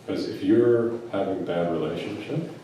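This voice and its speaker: Deep-voiced man teaching in an echoey hall. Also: moderate pace, warm tone. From United States. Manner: storytelling with quoted dialogue and rhetorical questions. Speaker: spiritual teacher and physician. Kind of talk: spiritual talk to a live audience. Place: large echoey event room. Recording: echoey room from a distance with faint background noise.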